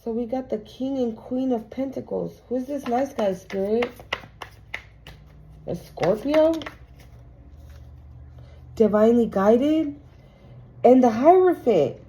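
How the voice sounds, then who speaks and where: A woman's voice: a little high, lively intonation, mellow, slight background noise. A woman doing a casual tarot reading for her viewers, emphatic and profane. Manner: emphatic, profane, slow and drawn out. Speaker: tarot reader.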